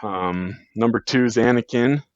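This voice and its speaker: A man's voice: medium pitch, normal speed, dry recording. A man talking as a podcast guest in a rambling, casual way, full of fillers and restarts. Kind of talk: casual chat. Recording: dull lo-fi sound.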